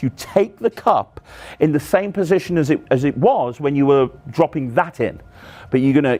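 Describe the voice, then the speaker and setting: Male magic teacher, demonstrative walkthrough delivery, lively varied intonation. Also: fairly high pitch. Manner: demonstrative, walks through moves aloud. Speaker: magic instructor. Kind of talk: step-by-step tutorial explanation.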